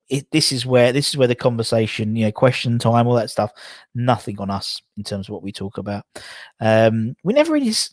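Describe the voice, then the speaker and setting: A man's voice: medium pitch, a little mellow, no echo. Man, rambling chat, self-mocking, fillers, dry close sound. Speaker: host of a chat stream. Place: home room, in a swivel chair.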